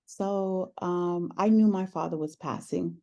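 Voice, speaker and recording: A woman with a low, mellow voice tells a personal story in an unhurried conversation. She is earnest and reflective, pausing often with soft "um"s as she gathers her thoughts. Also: fairly even intonation, gravelly. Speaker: podcast host sharing her story as guest.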